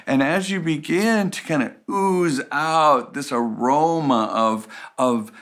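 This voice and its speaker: A man's voice: a little high, lively intonation, takes it slowly, few pauses, a bit bright. A man teaching a relationships course in a conversational, playful way, acting out examples. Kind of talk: recorded course lecture.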